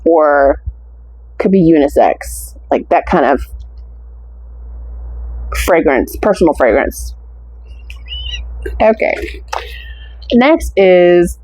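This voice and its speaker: A woman's voice: low-pitched, expressive, very slow, long pauses, a little mellow, a little hiss or hum, poor audio. An American woman chatting casually through a scent haul, gushing and stretching out her descriptive words. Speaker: wax melt haul reviewer. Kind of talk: casual product review chat.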